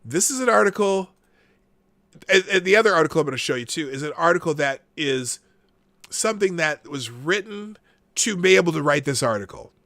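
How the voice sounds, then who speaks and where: A man's voice: on the high side, expressive, brisk, a bit bright, dry recording. A man hosting a casual live-stream commentary show, sarcastic and rambling, reading news articles aloud between asides.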